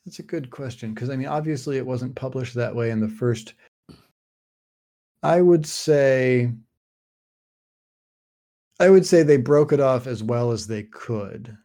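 Speaking at medium pitch, a little slowly and with frequent pauses, this man has a warm tone. He's a podcast host casually summarizing a fantasy novel, rambling, restarting often and using plenty of fillers.

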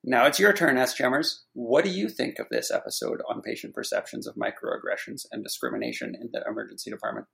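Gravelly-voiced man, relaxed and wry. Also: mid-range voice, quick pace, hardly any pauses. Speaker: guest physician. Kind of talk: casual podcast chat.

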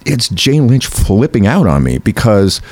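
Deep-voiced man telling an animated story. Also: a little slow, no echo. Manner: animated storyteller acting out quoted voices, laughing often. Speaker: actor telling an audition story. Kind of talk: casual storytelling chat.

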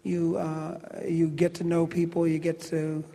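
A man, an actor, fielding fan questions at a convention panel in a loud, teasing, joking way. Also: fairly high pitch, monotone, creaky. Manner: brash, teasing, quick to cut people off. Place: large convention hall. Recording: echoey hall over a PA.

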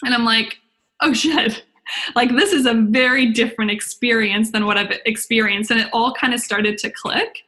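A young woman business coach talks through a webinar in a bubbly, rambling way, peppering it with "like" and little acted-out inner voices. Her voice sits fairly high and sounds bright and forceful. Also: moderate pace, hardly any pauses. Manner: chatty, excitable, lots of "like" and acted-out inner voices. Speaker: business coach and podcast host. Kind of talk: webinar talk.

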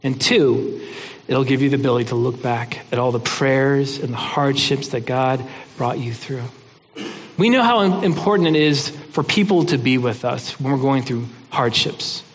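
A man's voice: medium pitch, normal speed, in a large hall. A man giving a sermon in an earnest, conversational way, often restarting his words. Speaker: pastor.

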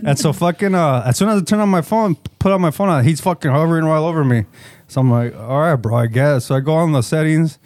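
A man's voice: fairly high pitch, fast talker, a little mellow, no room sound. A man telling a rambling, profanity-heavy story in casual chat, slipping into Spanish slang. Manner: rambling, swears a lot, mixes Spanish slang. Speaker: podcast co-host telling a story.

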